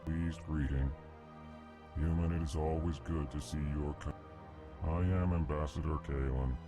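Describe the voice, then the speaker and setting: A man voicing a calm, formal elephant-like alien ambassador in a video game, in a flat monotone that labels every emotion. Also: very deep voice, measured pace, over music. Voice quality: flat monotone, names each emotion before speaking.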